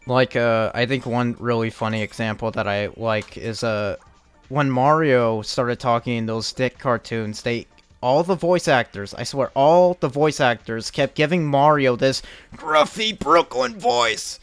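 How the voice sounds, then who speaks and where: A man's voice: mid-range voice, unhurried, clear, resonant tone, dry recording, faint music behind. A young man chatting casually as he streams a game, rambling and restarting his sentences, with the odd curse thrown in. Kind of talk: casual live-stream commentary while playing.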